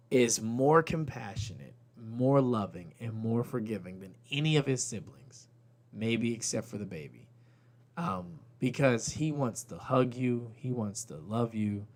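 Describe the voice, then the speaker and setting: A man in his thirties hosting a podcast, telling candid, rambling stories about his kids with casual swearing. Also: medium pitch. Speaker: podcast host. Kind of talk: comedic storytelling monologue.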